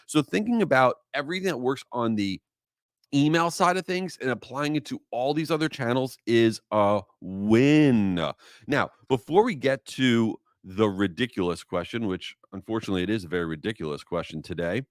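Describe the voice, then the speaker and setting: An enthusiastic man hosts a solo podcast in a loose, chatty way, wandering off on asides. His voice sits at a middle pitch and comes across close and dry, with no room sound around it. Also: normal speed, no room sound. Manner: energetic, enthusiastic, rambling asides. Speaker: podcast host. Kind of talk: casual solo podcast talk.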